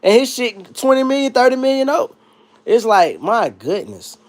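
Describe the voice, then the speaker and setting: A man's voice: very high-pitched, sing-song, normal speed. A man hosting a livestream, talking in a casual, profane and joking rant. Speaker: livestream host.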